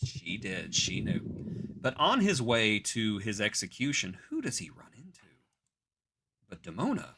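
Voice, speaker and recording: A man hosting a podcast, chatting casually and jokily as he recaps a cartoon, dropping into quick voices for the characters. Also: on the low side, background noise. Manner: animated, jokey, puts on quick voices for characters. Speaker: podcast host.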